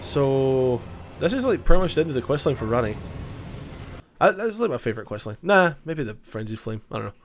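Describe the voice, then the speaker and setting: A man's voice: medium pitch, sing-song, brisk, slight background noise. A man with a cold, giving casual, joking gameplay commentary, self-mocking and swearing now and then. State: has a cold. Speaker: gaming YouTuber.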